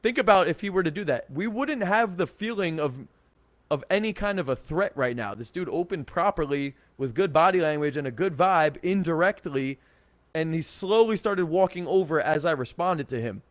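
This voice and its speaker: A man giving casual dating advice to camera, energetic and blunt, with swearing and lots of 'like'. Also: on the high side, moderate pace, dry recording. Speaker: dating coach.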